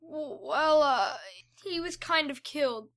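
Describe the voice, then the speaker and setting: Give me a stammering, emotional boy companion, as a woman narrator reads him, bright. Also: high-pitched, takes it slowly, voice pushed up, heavily acted. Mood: hesitant.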